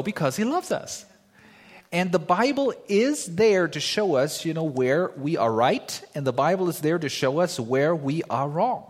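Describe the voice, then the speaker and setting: Pastor, male, slightly high voice, animated and humorous sermon delivery with audience banter. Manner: lively, joking, conversational preaching with rhetorical questions.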